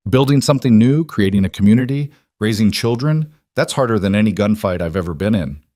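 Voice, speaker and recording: A man doing a weary old-west lawman turned family man, steady and solemn, in a low, grounded voice. The recording is close and completely dry. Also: a little fast, no echo, close to an everyday voice. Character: weary, devoted former lawman and husband.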